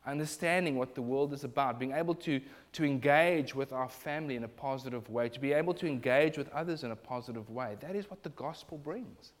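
A man's voice: mid-range voice, brisk, few pauses. A man preaching a sermon, emphatic and building in intensity.

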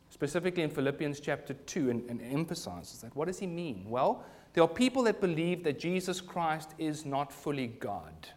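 A man preaching a sermon to his congregation in church, earnest and rising to emphatic bursts. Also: a little high. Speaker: pastor.

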